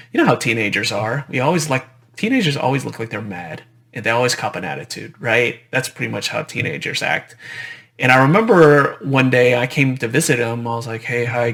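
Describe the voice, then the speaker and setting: A dentist giving a conversational conference presentation, often repeating phrases and adding "right?" tags. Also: male voice, medium pitch, a bit bright.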